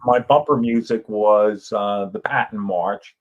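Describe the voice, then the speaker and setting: A man's voice: lowish voice, measured pace, phone-quality sound. An older man, an author and guest, telling stories in casual talk and acting out the voices in them. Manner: animated, acts out voices in anecdotes. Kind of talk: casual storytelling.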